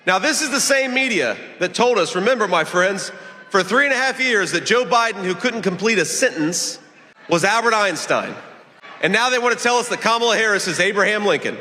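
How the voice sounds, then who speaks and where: A man giving a rousing rally speech in a large arena, some lines shouted. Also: high-pitched, animated, brisk. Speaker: political rally speaker. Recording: long arena reverb.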